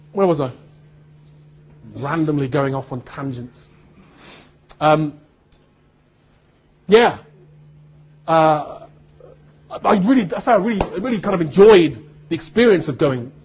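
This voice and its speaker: A man with a neutral standard British accent speaks to a room of students in a very husky, raspy voice that sits fairly high for a man. His speech swings widely in pitch as he tells personal stories with laughter, acting out what other people said along the way. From Birmingham, England. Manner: animated storytelling with laughter and acted-out quotes.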